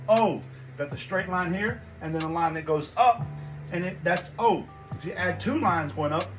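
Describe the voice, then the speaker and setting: A man giving a quick language lesson, reassuring and encouraging as he explains. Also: high voice, rough recording. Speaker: language teacher. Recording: music playing behind.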